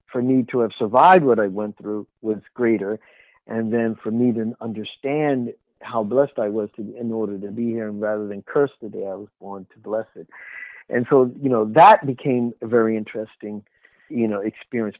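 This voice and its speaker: A male author, appearing as a guest in an interview, earnestly shares an emotional life story, his medium-pitched voice dipping softly in the quiet moments. The audio comes through a tinny, phone-like line with no room sound.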